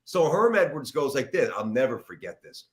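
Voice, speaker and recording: A man's voice: medium pitch, fairly quick. A middle-aged man, a sports radio host, telling a long story as a guest in a podcast interview, rambling and poking fun at himself. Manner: animated, rambling, self-mocking storyteller.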